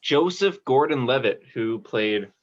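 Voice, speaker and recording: A man hosting a casual podcast, running through the week's news in a relaxed, rambling way. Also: medium pitch, unhurried, highs cut off. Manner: relaxed, newsy, rambling with fillers. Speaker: podcast host.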